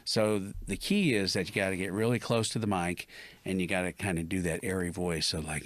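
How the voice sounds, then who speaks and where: Deep voiced guy hosting a podcast, upbeat, close mic dry room. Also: steady tone, fairly quick, a bit bright, no room sound. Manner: upbeat, encouraging reactions. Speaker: podcast host. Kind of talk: casual interview chat.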